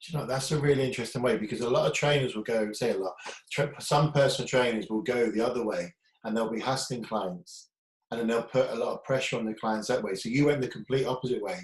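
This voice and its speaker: A man's voice: mid-range voice, fast, reverberant, rough recording. A man hosting an interview, asking conversational questions and summing up what his guest says. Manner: conversational, summarizes the guest's points. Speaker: interviewer, host.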